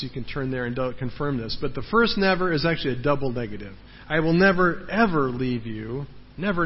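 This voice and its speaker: A man's voice: on the high side, husky. A man preaching a sermon as a pastor, earnest, repeating words for emphasis and often checking in with the congregation. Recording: dull sound in a large reverberant hall.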